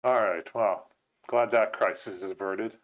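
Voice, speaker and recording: A man's voice: lowish voice, fairly even intonation, a little slow, lo-fi sound. A man playing a tabletop game, tossing in dry quips. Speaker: player. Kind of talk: casual tabletop play.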